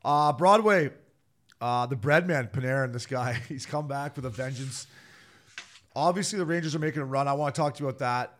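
A man's voice: medium pitch, brisk, fairly bright tone. A man hosting a casual hockey podcast, talking loosely and swearing now and then. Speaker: podcast host. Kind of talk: casual sports chat.

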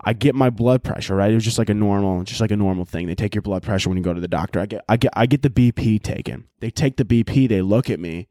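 A young man hosting a solo podcast at home, talking in a loud, profane, animated rant and shouting at times, recorded on laptop audio. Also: on the low side, fast talker, hardly any pauses, dry recording, studio quality. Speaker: podcast host.

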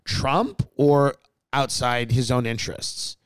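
A man's voice: medium pitch, steady tone, slow pace, clean tone, no room sound, rough recording. A man co-hosting a podcast, talking in a rambling, joking, opinionated way. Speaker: podcast co-host. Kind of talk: casual joking chat.

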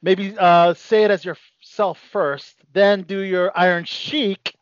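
A man's voice: high voice, fairly even intonation, slow, no room sound, muffled recording. A man hosting an interview, enthusiastic and full of exclamations. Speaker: host.

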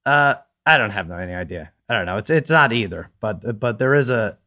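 A man co-hosting a casual sports betting podcast, animated and quoting others as he talks. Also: fairly low pitch, a little fast. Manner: animated, quotes people in put-on voices. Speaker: podcast co-host.

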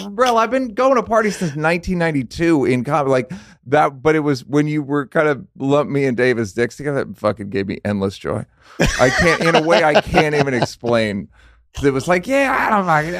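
Deadpan male podcast host. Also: fairly high pitch. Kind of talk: casual interview and host-read ad.

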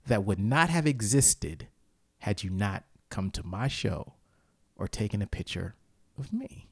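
A man with a fairly low, unhurried voice and some vocal fry hosts a casual talk, ranting through animated, profane stories that erupt into heated outbursts. There's no echo.

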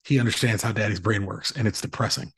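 A man in his thirties co-hosting a podcast, rambling through animated stories with plenty of swearing. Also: fairly low pitch, fast talker, slight background noise. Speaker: podcast co-host. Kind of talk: casual chat.

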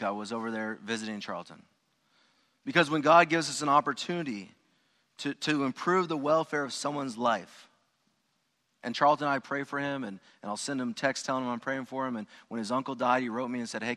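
A pastor preaches to his congregation, telling a story casually, with restarts and asides to the people in the pews. His voice is bright and forceful at a middle pitch. The sound carries a long reverb from the church hall. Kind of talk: storytelling sermon. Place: church sanctuary.

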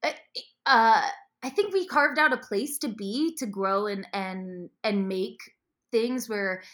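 A woman telling stories as a musician guest on a podcast, animated and giggly. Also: medium pitch, takes it slowly. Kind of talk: casual chat.

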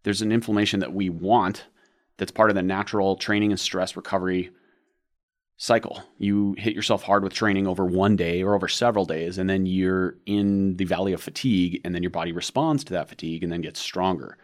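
A man's voice: sits low, fairly even intonation, brisk. A man co-hosting a podcast, explaining training ideas at length with rambling analogies. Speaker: podcast co-host. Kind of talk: casual podcast discussion.

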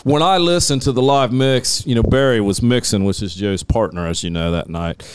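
A man's voice: mid-range voice, normal speed, noisy background. A middle-aged man telling long, rambling stories about live sound work, swearing freely and laughing at his own tales. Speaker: guest, live sound engineer. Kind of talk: casual storytelling on a podcast.

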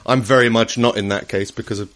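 A man's voice: fairly low pitch, fairly even intonation, quick pace, a bit bright. A young man chatting casually on a podcast, rambling with restarts and laughing often. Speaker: podcast co-host. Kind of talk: casual chat.

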